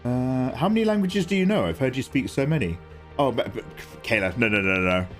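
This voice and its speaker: Lively rambling man streaming. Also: mid-range voice, a little fast, soft background music. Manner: lively, rambling, self-deprecating, reads chat aloud. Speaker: art streamer. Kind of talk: casual livestream chat while drawing.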